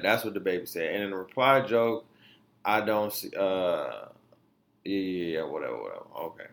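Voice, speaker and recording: A man's voice: deep voice, lively intonation, moderate pace, vocal fry. Blunt, profane male podcast host. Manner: blunt, profane, heated ranting; stumbles and restarts over words. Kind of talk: casual opinion commentary.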